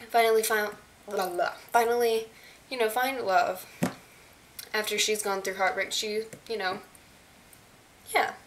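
A young woman vlogging as an excited fan, gushing and chatty with lots of fillers. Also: medium pitch. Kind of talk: casual chat. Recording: faint hiss.

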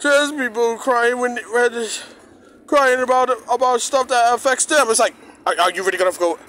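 A man's voice: very high voice, normal speed, bright, forceful tone, a little hiss or hum. A man delivering a heated, profane rant to his viewers, repeating himself and restarting his sentences often. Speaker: streamer ranting to his audience.

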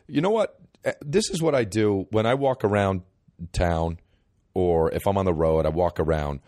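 A man, a comedian hosting a podcast, rambling casually with profane deadpan asides, his voice hoarse and worn out. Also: low voice, dry recording, clean studio sound. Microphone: close podcast mic.

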